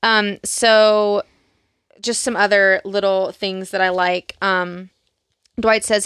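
A chatty young woman co-hosting a casual podcast, quoting favorite scenes and acting out bits of dialogue. Her voice sits at a middle pitch and sounds close and dry, with no room around it. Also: level tone, slow, a bit bright, clean tone, no echo. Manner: chatty, quotes lines in bursts of mimicry, many fillers. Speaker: podcast co-host. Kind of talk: casual chat about a TV show.

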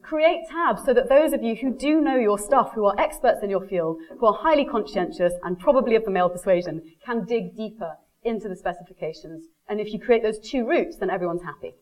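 A woman's voice: medium pitch, brisk, rough recording. A woman giving a live marketing presentation. She tells personal stories with energy and acts out the people she quotes, addressing the audience directly. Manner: lively storyteller, quotes people in animated voices. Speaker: speaker giving a marketing talk.

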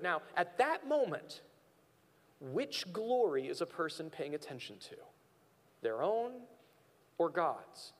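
Man preaching, high and lively voice, long hall reverb. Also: slow, long pauses, a little hiss or hum. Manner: animated, acts out quoted voices. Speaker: pastor. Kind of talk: sermon.

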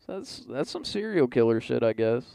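A man's voice: medium pitch, sing-song, fairly quick, gravelly, warm tone, no echo. A young man co-hosting a podcast, chatting casually in a loose, profane way full of fillers. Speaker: podcast co-host. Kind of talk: casual chat.

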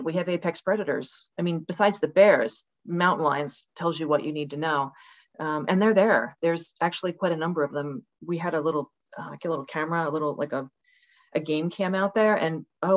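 Passionate older woman, low, muffled call audio. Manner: passionate, animated storytelling with dramatic acted-out quotes. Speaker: podcast guest. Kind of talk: casual conversational interview. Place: rural home with dogs.

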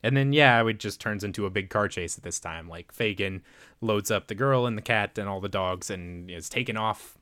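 Podcast co-host, man, lowish voice, dry close mic, chatty recap with lots of "like". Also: sharp tone, no echo. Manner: rambling, filler-heavy retelling with quick voiced quotes. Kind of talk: casual movie recap chat.

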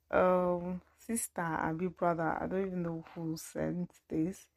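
A woman's voice: lowish voice, level tone, takes it slowly, gravelly, a little mellow. A young Nigerian woman with a Nigerian accent, chatting playfully and laughing often as she reacts to replies. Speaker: podcast host. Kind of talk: casual chat.

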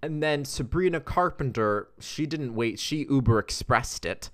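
A man's voice: mid-range voice, expressive, unhurried, a bit bright. A man in his twenties co-hosting a podcast, chatting casually and rambling with fillers. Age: 20s. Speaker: podcast co-host. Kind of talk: casual chat. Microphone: video call.

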